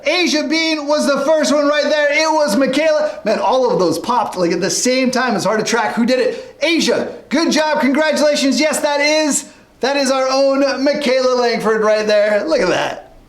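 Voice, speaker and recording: A man's voice: very high-pitched, normal speed, a bit bright, echoey room. A man hosting a live-stream guessing game for a youth group, upbeat and chatty as he rattles off viewers' guesses.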